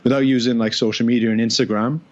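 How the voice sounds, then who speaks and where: A young man from the United Kingdom co-hosting a casual podcast chat over a video call, relaxed and reflective, with a lot of "like" and "you know". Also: medium pitch, fast. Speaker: podcast co-host. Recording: dull lo-fi video-call audio.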